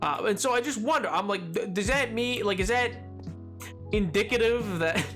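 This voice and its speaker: High-voiced chatty male streamer. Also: animated, moderate pace, fairly bright tone, faint music behind. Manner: chatty, rambling, laughs often. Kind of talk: casual chat while livestreaming a game.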